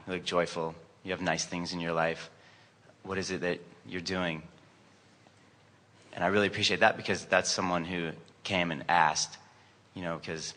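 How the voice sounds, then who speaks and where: A man with a very low voice that still has a bright, forceful edge speaks with casual enthusiasm. A long hall reverb trails his words. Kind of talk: conversational questions and comments.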